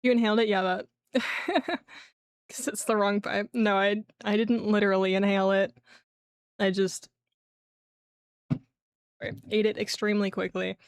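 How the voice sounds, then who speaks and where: A young adult woman streaming live, her voice a little throaty after eating, chatting casually and clearing her throat often. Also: medium pitch, level tone, moderate pace, pauses often, dry recording.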